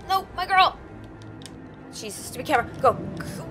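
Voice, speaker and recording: A woman's voice: sits high, expressive, normal speed. A young woman giving let's play commentary, emotional and exclaiming as she talks to herself through the game. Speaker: gaming streamer. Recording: game music behind voice.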